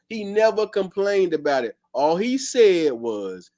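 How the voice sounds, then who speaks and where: A man's voice: sits high, very animated, normal speed, hardly any pauses, a little mellow. A man hosting a sports podcast, arguing emphatically and repeating his points in casual speech. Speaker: podcast host.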